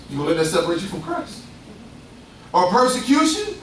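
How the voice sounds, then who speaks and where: A man preaching a sermon, animated and lively, swinging from loud bursts to hushed asides. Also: high voice, brisk, pauses often, a little hiss or hum. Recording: echoey room picked up from far off, faint ambience.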